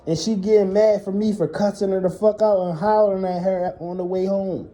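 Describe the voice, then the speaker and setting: A man's voice: high voice, fairly even intonation, brisk, dark tone. Man venting blunt, profane stories. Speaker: storyteller. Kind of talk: casual storytelling monologue.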